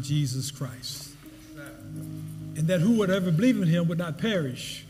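A man with a high voice preaches to his congregation, climbing in pitch and hammering repeated phrases. The sound rings with long reverb in a church hall, and faint music plays behind him. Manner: preaching with rising pitch and emphatic repetition. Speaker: pastor. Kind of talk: sermon.

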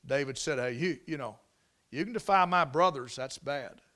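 A man preaching a sermon, telling the story dramatically and swinging from loud exclamations to near whispers. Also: mid-range voice, normal speed.

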